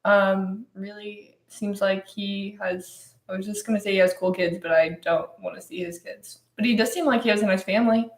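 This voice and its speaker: A woman's voice: mid-range voice, fairly even intonation, moderate pace, few pauses. A young woman co-hosting a podcast, playful and quizzing her friend in casual banter. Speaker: podcast co-host. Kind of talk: casual chat. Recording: echoey room.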